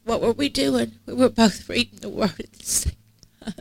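A woman's voice: a little high, normal speed, creaky. A middle-aged woman preaching a sermon in a church, emphatic and repetitive in cadence, tearful at times. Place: church sanctuary.

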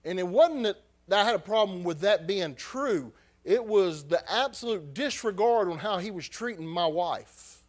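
A high-voiced preacher telling a story from the pulpit. He drops to a near hush, then climbs to loud, heated bursts. His delivery is raw and emotional. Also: animated, moderate pace. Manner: emotional, rising from hushed to loud. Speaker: pastor. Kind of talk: sermon storytelling.

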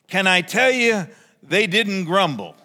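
A man preaching a sermon as pastor, animated, acting out a grumbling crowd in raised voices. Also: high-pitched, slow pace, long reverb tail.

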